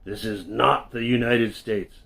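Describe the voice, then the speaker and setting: A man voicing a burly older bartender with a French-Canadian accent who speaks firmly and deliberately. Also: medium pitch, fairly even intonation, gravelly, pushed and bright. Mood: stern. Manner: firm, deliberate. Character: burly older male bartender, stern and unimpressed.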